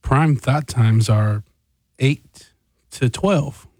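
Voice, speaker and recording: A man's voice: medium pitch, very slow, darkish tone, dry recording. A man co-hosting a talk show, joking and bantering playfully. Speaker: co-host. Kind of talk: casual on-air banter.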